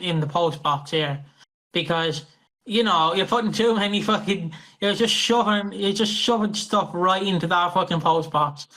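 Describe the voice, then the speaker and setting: A man co-hosting a casual podcast, rambling and excitable with heavy swearing. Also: high-pitched, rough recording. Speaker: podcast co-host.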